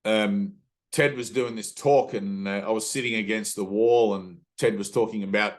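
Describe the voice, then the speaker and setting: This man, a spiritual teacher, speaks casually at a moderate pace in a lowish voice with fairly even intonation. He tells rambling stories with lots of fillers, performing the voices of the people he quotes.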